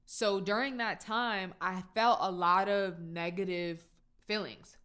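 A woman's voice: mid-range voice, steady tone, takes it slowly, a bit bright, smooth. A woman talking casually and reflectively about her life as a mother. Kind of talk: casual chat.

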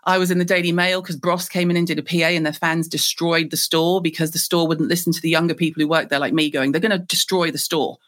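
A middle-aged woman from Liverpool with a Scouse accent, a guest telling lively stories in a podcast interview. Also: low voice, fast talker, hardly any pauses. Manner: lively, animated storyteller.

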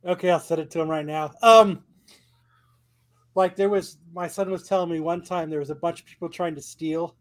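A man's voice: on the high side, steady tone, normal speed. A man hosting a podcast, teasing his co-hosts in casual, upbeat chat. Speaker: podcast host.

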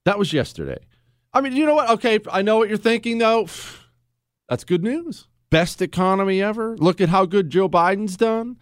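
A man hosting a talk radio show, delivering a sarcastic, animated monologue into a studio mic. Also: sits high, normal speed, no echo.

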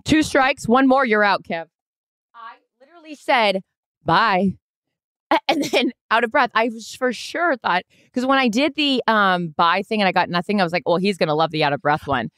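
A woman's voice: on the high side, lively intonation, normal speed, a bit bright, smooth, no room sound. A woman co-hosting a podcast in casual chat, joking and rambling and swearing freely. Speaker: podcast co-host.

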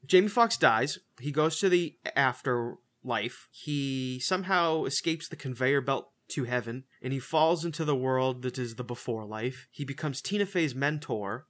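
A man's voice: mid-range voice, fairly bright tone. A man casually reviewing a movie on a podcast, loose and profane, full of fillers and restarts. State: says he is a little high. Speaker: podcast co-host.

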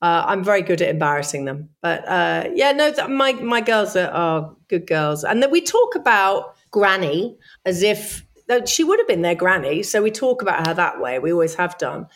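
Animated woman telling stories. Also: moderate pace, few pauses. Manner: animated storyteller, acts out quoted voices in a high sing-song. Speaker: guest. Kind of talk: casual interview chat.

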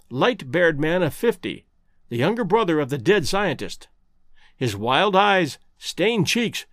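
Male audiobook narrator, expressive, dry close recording. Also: on the high side, dry recording. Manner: expressive storytelling. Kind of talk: scripted narration.

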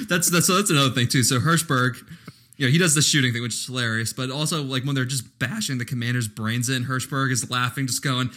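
A man's voice: mid-range voice, lively intonation, moderate pace, pushed and bright, slightly rough. A man co-hosting a casual film podcast, wisecracking and swearing freely. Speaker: podcast co-host. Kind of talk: casual chat.

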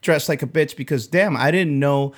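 A man co-hosting a comedy podcast, talking in a profane, excitable way and laughing often. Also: fairly high pitch, moderate pace. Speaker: podcast co-host. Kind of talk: loose comedic podcast banter.

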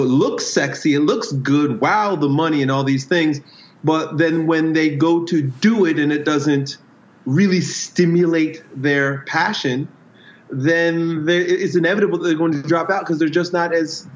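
A man with a fairly high voice speaks thoughtfully as an interview guest, working through his ideas with images and stories from his own life. The sound is roomy and a bit dull, as if picked up in an echoey space with a modest mic. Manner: reflective, explains with metaphors and personal stories. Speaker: strength coach, guest. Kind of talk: casual conversational interview.

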